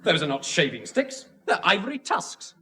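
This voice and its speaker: An actor with an English accent playing an indignant, honest traveller who insists on paying duty. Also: male voice, sits high, very animated, moderate pace, pushed and bright, full character voice. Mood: insistent.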